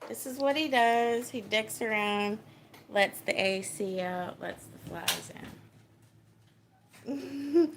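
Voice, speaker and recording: A woman's voice: medium pitch, fairly bright tone, slight background noise. A woman with a Texan accent chatting casually on a livestream from her small home, laid-back and chatty, laughing often and greeting viewers.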